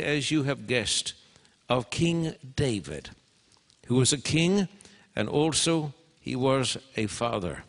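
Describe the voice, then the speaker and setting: A man delivers a sermon slowly and deliberately, leaning into dramatic pauses. His middle-pitched voice rings out in a large hall, with a long reverb trailing each phrase. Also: fairly bright tone. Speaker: preacher.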